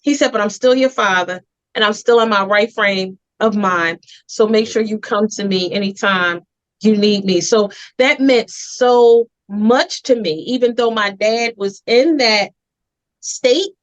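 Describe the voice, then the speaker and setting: A woman's voice: medium pitch, unhurried, lo-fi sound. A woman host and community advocate with a Philadelphia accent, telling a heartfelt story in an earnest, emphatic way on a TV interview show.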